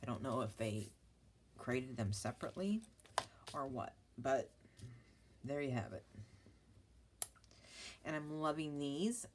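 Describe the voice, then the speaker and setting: Low-voiced chatty woman crafting at home. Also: slow, pauses often, background noise. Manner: chatty, rambling, talks to viewers and her dog. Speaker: craft vlogger. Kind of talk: casual chat while crafting.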